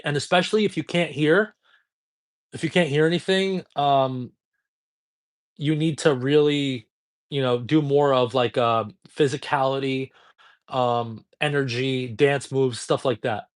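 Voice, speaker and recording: A man in his thirties, a dating coach, answering chat questions on a live stream in a casual, profane, high-energy way. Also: unhurried. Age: 30s.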